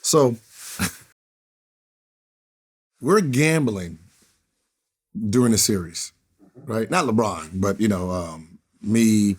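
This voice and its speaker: Profane, animated man telling a story. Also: lowish voice, slow, pauses often, breathy edge. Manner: profane, animated, acts out quotes in raised voice. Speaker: interview guest, former basketball player. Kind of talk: casual storytelling.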